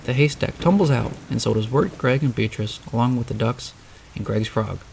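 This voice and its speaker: A man narrating a novelized story in a steady, descriptive reading. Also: mid-range voice, moderate pace, vocal fry, a little hiss or hum.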